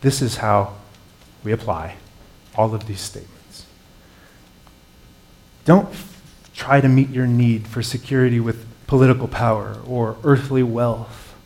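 A man's voice: mid-range voice, steady tone, a little slow, pauses often, darkish tone. A man, a pastor with young children, preaching a sermon in an earnest, conversational way, rising into emphatic passages.

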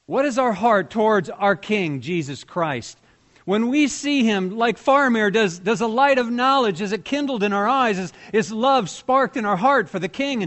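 A man's voice: high-pitched, a bit bright. A man preaching a sermon as pastor, talking conversationally and putting questions to his congregation.

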